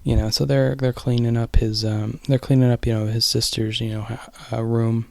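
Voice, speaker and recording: Young man, low gravelly voice, rambling casual recap, fillers and restarts, dry close sound. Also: little pitch movement, normal speed, darkish tone, no room sound. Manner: rambling, many fillers and restarts, sometimes drops to a whisper. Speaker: vlogger.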